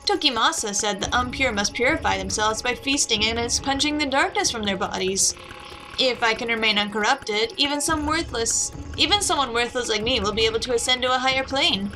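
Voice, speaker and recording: A zealous male cult follower in a video game, read by a woman, preaching in a slow, solemn cadence. The voice stays bright and fairly high. It is steady and earnest. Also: faint music behind, rough recording.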